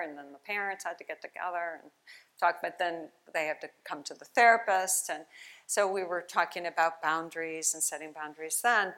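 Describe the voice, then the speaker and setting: Woman play therapist doing a chatty conference keynote, bright voice, animated storytelling. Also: on the low side. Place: conference hall.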